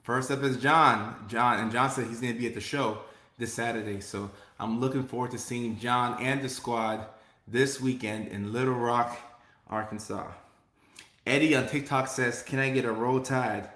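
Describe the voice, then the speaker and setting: A man's voice: mid-range voice, fairly even intonation, normal speed, a bit bright, echoey room. A man hosting a casual live stream as a comedian, reading viewer comments aloud in an upbeat way and repeating his phrases.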